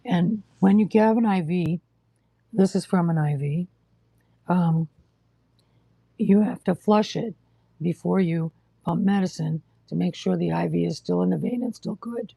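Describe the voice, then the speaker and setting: A husky, gravelly voice, low and mellow, heard dry and close on a casual live stream. The speaker is short of breath, coughs, and talks in a blunt, exasperated, lecturing way. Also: unhurried, long pauses, no room sound. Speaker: livestream host telling of hospital care.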